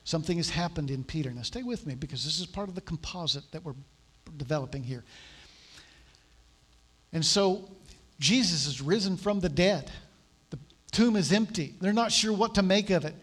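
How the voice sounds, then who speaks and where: A man's voice: on the high side, animated, moderate pace, pauses often, slightly rough. A man preaching a sermon in a conversational, storytelling way, acting out the voices of the people he quotes. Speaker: pastor.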